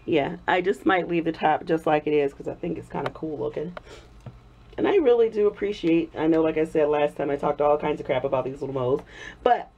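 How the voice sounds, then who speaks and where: Chatty woman vlogger, lower voice, lo-fi. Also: animated, fairly quick, a little hiss or hum. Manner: chatty, laughs often, warm gushing storytelling. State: recovering from illness. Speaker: soap-making vlogger. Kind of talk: casual storytelling vlog.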